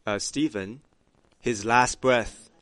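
Slow, emphatic male preacher. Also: mid-range voice, dry recording. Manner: slow, emphatic preaching that swells to loud cries. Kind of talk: sermon.

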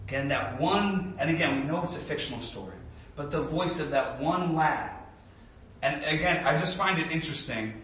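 Pastor, man, 30s, relaxed conversational sermon with fillers, bright tone, distant mic in a reverberant church. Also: a little high, moderate pace. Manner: conversational, with frequent fillers and restarts; animated storybook reading voice. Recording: echoey room, speaker away from mic.

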